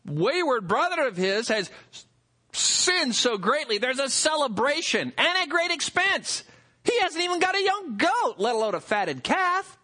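Animated, bright-voiced male pastor. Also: high-pitched. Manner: animated, conversational preaching with rhetorical asides. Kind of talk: sermon.

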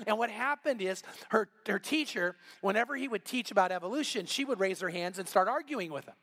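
High-voiced pastor preaching. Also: male voice, fairly quick, few pauses. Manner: animated storytelling with voiced quotes. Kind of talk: sermon.

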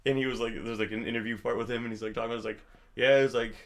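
A man's voice: mid-range voice, fairly even intonation, racing. A man co-hosting a podcast in casual chat, rambling through movie stories with lots of "like" and laughing at his own jokes. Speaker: podcast co-host.

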